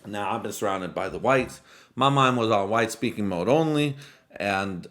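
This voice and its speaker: Low-voiced guy rambling through a story, swears a lot, spanish is his first language, super laid-back vlog talk. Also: expressive, normal speed, a bit bright. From Mexican-American family. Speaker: vlogger. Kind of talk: casual storytelling monologue.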